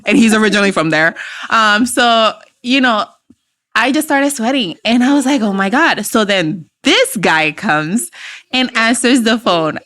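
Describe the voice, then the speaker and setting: A woman's voice: a little high, measured pace. A woman with an accent, a mother and guest, telling her story casually and acting out the dialogue with laughs. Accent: non-native English accent. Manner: animated, acts out quoted dialogue with laughs.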